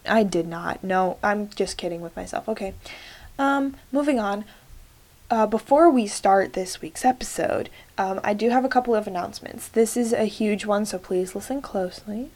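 A woman's voice: medium pitch, normal speed, a little mellow. A young woman hosting her solo podcast in casual chat, talking to her listeners and joking at herself with many fillers. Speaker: podcast host.

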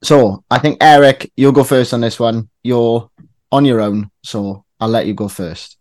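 A man's voice: mid-range voice, fairly even intonation, unhurried, a little mellow, no room sound. A man hosting a casual football quiz among friends, teasing and reading lists of clubs aloud. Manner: reads clubs out one by one in a teasing tone. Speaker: quiz host.

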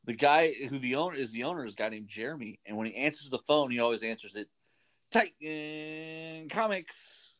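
A man's voice: medium pitch, fast talker, hardly any pauses, fairly bright tone. A man hosting a radio show, rambling casually with many fillers. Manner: rambling, chatty, lots of fillers. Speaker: radio host. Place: radio studio.

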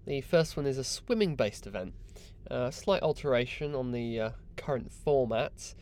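A man's voice: medium pitch, lively intonation, moderate pace, darkish tone. A young man hosting a podcast, mocking and exasperated in a sweary comic rant. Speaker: podcast host.

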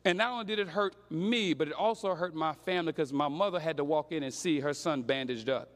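Young male preacher, high voice, slangy storytelling sermon. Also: fairly quick, in a large hall.

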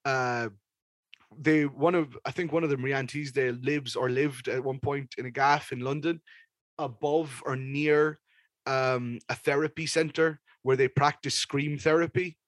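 A man's voice: mid-range voice, steady tone, a little slow, no echo. A young man hosting a podcast, reviewing an album in casual, rambling chat with plenty of swearing. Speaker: podcast host.

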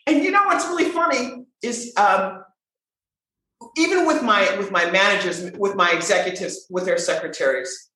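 A woman voice coach talks with expressive, emphatic energy, her pitch swooping all over. Her voice rings in a very echoey room. She keeps her delivery animated and conversational. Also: moderate pace.

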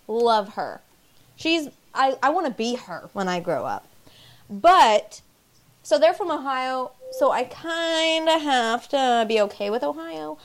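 A young woman co-hosting a casual podcast, her voice sitting a little high. She rambles, giggles often and speaks bluntly. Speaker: podcast co-host. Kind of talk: casual chat.

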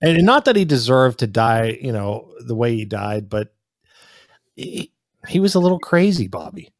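A man's voice: mid-range voice, sing-song, moderate pace, dry recording, studio quality. A man hosting a call-in show, blunt and teasing, often restarting his sentences. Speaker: host. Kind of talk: call-in banter.

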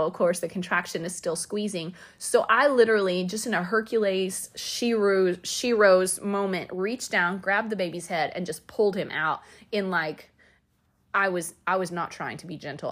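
A woman hosting a podcast, telling a personal story in a candid, chatty way with asides, and acting out quoted lines with sudden high shouts. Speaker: podcast host.

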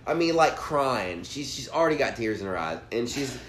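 A young man telling a profane, animated story in casual chat as a podcast co-host. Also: medium pitch, moderate pace. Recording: roomy room with faint background noise.

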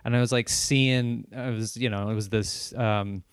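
A man's voice: fairly low pitch, moderate pace, smooth, no echo, studio quality. Profane man telling a wild road story. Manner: animated, profane, restarts and acts out quotes. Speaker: stand-up comedian guest. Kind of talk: casual storytelling chat.

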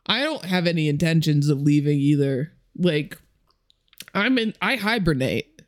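A young woman with a Chicago accent, co-hosting a casual comedy podcast with loud, brash, laughing rants. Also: low voice, animated, a little slow, no echo, clean studio sound. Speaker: podcast co-host.

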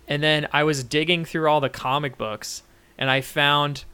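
A man's voice: a little high, steady tone, normal speed, pushed and bright, clear, resonant tone. A man co-hosting a podcast, chatting casually and rambling through stories with lots of restarts. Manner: rambling, many restarts and fillers. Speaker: podcast co-host. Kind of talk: casual chat.

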